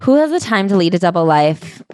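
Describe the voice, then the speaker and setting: A woman's voice: lowish voice, very animated, a little fast, a little mellow, dry recording. A woman co-hosting a comedy podcast, chiming in with sarcastic, wry commentary on the story. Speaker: podcast co-host. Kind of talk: comedic book-club banter.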